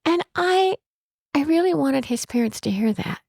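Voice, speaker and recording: A woman's voice: high voice, animated, moderate pace, gravelly, darkish tone, dry recording, clean studio sound. A woman who owns a bed and breakfast, telling stories in an interview in a chatty way, with frequent restarts. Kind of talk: storytelling in an interview.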